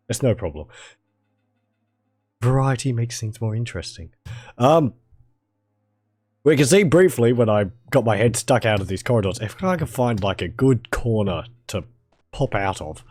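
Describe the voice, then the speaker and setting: A man with a mild Australian accent and a hoarse, fading voice, chatting casually to viewers while streaming a video game. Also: lowish voice, darkish tone, no room sound. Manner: chatty, rambling, talks to chat viewers.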